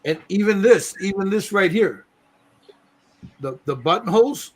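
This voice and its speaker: Chatty man painting a model, slightly high voice. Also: a little slow. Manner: relaxed, rambling, swears and laughs freely. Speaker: host painting a model bust. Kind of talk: casual chat while painting.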